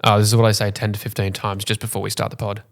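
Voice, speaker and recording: A young man co-hosting a casual podcast, dry and teasing, who jumps into higher voices when he quotes people. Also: flat delivery, very fast, creaky. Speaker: podcast co-host. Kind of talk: casual chat.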